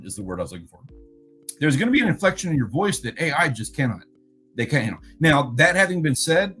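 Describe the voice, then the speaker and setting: A man's voice: on the high side, very animated, quick pace, pushed and bright, slightly rough, faint music behind, low-quality recording. A man casually recapping a talk to his viewers, rambling and often stopping to search for the right word. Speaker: video creator recapping a conference.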